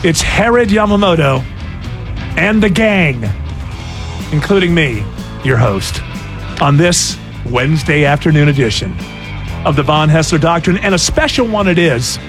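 A man's voice: a little high, lively intonation, unhurried, long pauses, over music. A man hosting a radio show, joking and bantering with guests. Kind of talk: casual radio talk.

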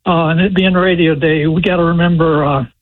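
An older man in his seventies calling a radio show, telling a rambling, halting story. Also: fairly high pitch, fairly even intonation, no echo. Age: 70s. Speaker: caller. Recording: muffled call-in line.

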